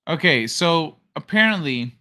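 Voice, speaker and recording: A man with a bright, slightly high voice hosts a loose late-night show. He takes his time, drawling through reactions, laughing often and swearing casually. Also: animated, measured pace. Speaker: host.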